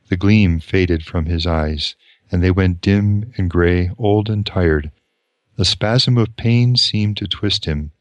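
A man reading a novel aloud and commenting on it as a lecturer, slow and deliberate. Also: sits low, no room sound.

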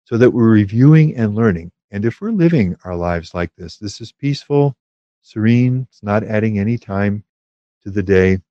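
A man giving a calm, measured spiritual teaching on prayer, with small fillers and restarts. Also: on the low side, no room sound, highs cut off.

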